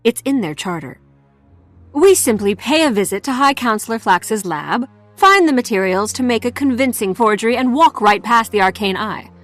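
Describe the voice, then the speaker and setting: A woman voicing a sly small female asura spy in a video game, laying out a scheme in a brisk way. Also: on the high side, big pitch swings, a bit bright, no room sound, faint music behind. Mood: scheming. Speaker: Order of Whispers agent.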